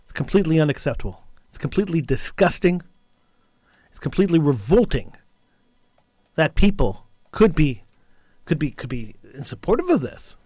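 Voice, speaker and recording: A man's voice: a little high, big pitch swings, moderate pace, pauses often, a little mellow, slightly rough, no room sound, clean studio sound. A man hosting a call-in talk radio show, delivering an impassioned, indignant monologue and repeating phrases for emphasis.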